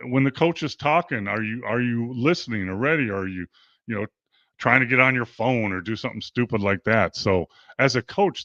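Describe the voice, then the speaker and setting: Here an older man who coaches basketball after a professional playing career recounts stories in an informal interview, acting out quotes in lively fashion. His pitch is medium, and the recording is dry and lo-fi.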